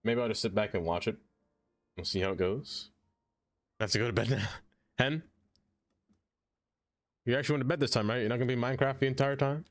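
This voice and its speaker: Over faint background music, a man streams a city-building game, casually chatting, laughing a lot, and talking to himself mid-build. He speaks at a medium pitch with a steady tone, briskly, with frequent pauses.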